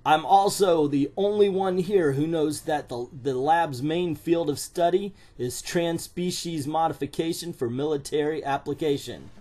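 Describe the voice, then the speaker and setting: A man voicing a cocky male military officer, reading his lines in a put-on accent with a drawn-out, tough-guy delivery. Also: fairly high pitch, dark tone. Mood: boastful.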